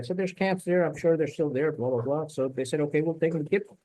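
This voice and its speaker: Man, ex-Marine interview guest, blunt, salty war storyteller, somewhat high voice. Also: expressive, fast, hardly any pauses, darkish tone.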